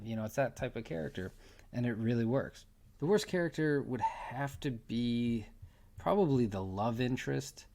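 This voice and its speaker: Rambling casual male movie reviewer. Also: medium pitch. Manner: rambling, repeats words, laughs often.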